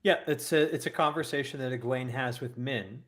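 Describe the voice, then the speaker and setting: A man's voice: mid-range voice, brisk, a bit bright. A man in a casual fan discussion, explaining story details at length. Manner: detailed, explanatory lore talk. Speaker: podcast panelist.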